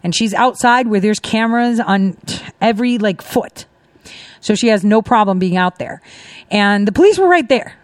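A middle-aged woman hosting a casual commentary show, talking in an animated, emphatic way with mocking asides. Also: mid-range voice, moderate pace, no echo. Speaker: host.

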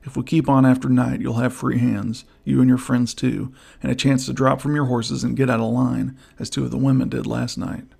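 Guy voicing a rough old outlaw, gravelly and husky, low hushed talk, audiobook. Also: flat delivery, moderate pace, few pauses. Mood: low urgent. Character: gruff old outlaw turned helper, gloomy. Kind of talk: audiobook character voice.

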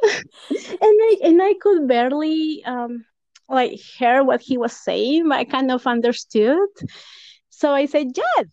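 A woman's voice: high-pitched, expressive, measured pace, dry recording, highs cut off. A woman from Peru, a podcast guest, telling a personal story in casual chat with lots of fillers and laughs. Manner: warm storytelling, laughs often, many fillers. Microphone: home podcast mic.

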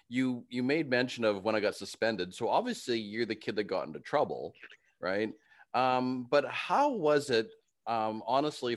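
A man hosting an interview, friendly and quick to laugh, asking long, winding questions. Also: fairly low pitch. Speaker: interview host. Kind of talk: casual interview.

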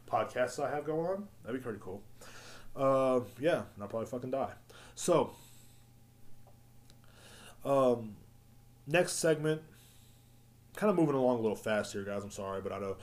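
A man hosting a solo podcast, ranting in a loud, profane, rambling way. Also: medium pitch. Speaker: podcast host. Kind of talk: casual solo podcast rant.

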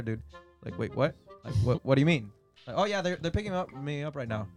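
A man's voice: a little high, lively intonation, a little fast, darkish tone, faint music behind. A man chatting casually with coworkers, recounting a story loosely. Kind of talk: casual chat.

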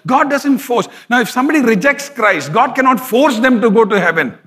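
A man's voice: very high voice, lively intonation, brisk, sharp tone. A middle-aged man, a pastor preaching conversationally and telling a story, chuckling often. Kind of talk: sermon with storytelling.

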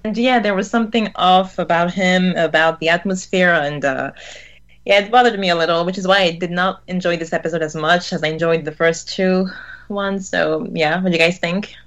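A woman co-host shares her take in rambling podcast chat, full of fillers. Her voice is a little low and relaxed. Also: fairly quick, lo-fi sound. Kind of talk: casual discussion.

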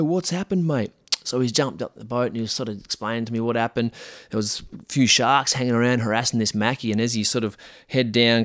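A man, a podcast host telling a story in a relaxed, slangy way with many fillers and restarts. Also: lowish voice, dry recording, studio quality. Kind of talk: casual storytelling.

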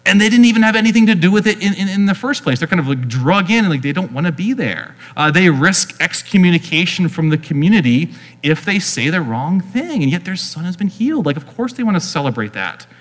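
A man's voice: high-pitched, animated, a little fast, fairly bright tone. Chatty male preacher in a reverberant hall. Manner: conversational, chatty, leans on "like" fillers. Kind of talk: casual teaching sermon.

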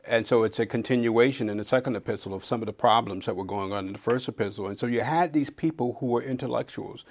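A man delivers a conversational Bible lesson in a voice of ordinary middle pitch. He swells into loud, drawn-out emphasis when he reads scripture, then settles back into plain explaining with dry, sarcastic asides. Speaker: Bible teacher.

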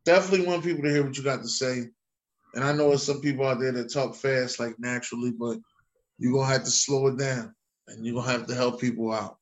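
A man's voice: medium pitch, fairly even intonation, fast, lo-fi sound. A man co-hosting a podcast in casual chat, mostly giving brief agreeing replies. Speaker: podcast co-host.

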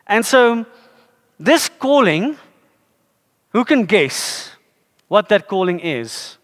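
A woman's voice: medium pitch, sing-song, takes it slowly. A middle-aged woman preaching to a congregation, rambling a little, with joking asides and self-corrections. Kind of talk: sermon to a congregation. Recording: long reverb of a large hall.

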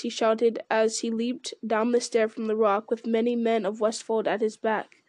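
A woman reads a fantasy novel aloud at a steady pace, now and then stumbling on a word and going back. Her voice sits fairly high, and the sound is dry with no room echo. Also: moderate pace, few pauses. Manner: steady reading with small stumbles and self-corrections. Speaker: reader.

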